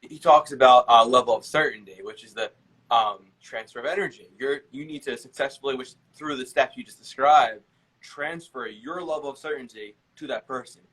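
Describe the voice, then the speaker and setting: A man's voice: mid-range voice, moderate pace, a bit bright. A man hosting a podcast, reflective and a bit hesitant, echoing and summing up his guest's points. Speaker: podcast host. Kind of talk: casual podcast chat.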